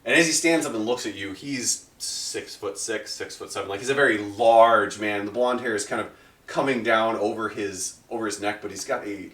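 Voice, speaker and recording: A man's voice: lowish voice, moderate pace, a bit bright. A man as game master, narrating a tabletop game in a descriptive, rambling way. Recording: roomy, mic far off.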